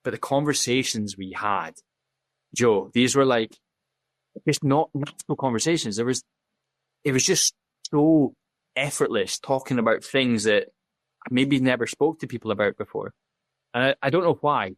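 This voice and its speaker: A man's voice: mid-range voice, normal speed, dry recording. A man, a podcast guest telling his story in candid, casual talk, blunt and full of swearing, acting out the dialogue he quotes. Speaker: podcast guest, safety officer.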